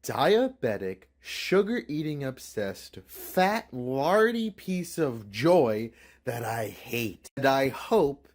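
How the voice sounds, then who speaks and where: A man's voice: mid-range voice, big pitch swings, takes it slowly, heavily acted. A man playing Russia as a grumpy, scornful man who mocks Christmas with sarcasm. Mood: snarky. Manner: snarky, scornful. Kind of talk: comedy sketch acting.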